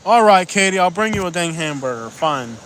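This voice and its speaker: A man's voice: high-pitched, expressive, fairly quick, a bit bright, slight background noise. A man live-streaming outdoors on a beach at sunset, rambling and joking in casual chat and reading out viewer comments.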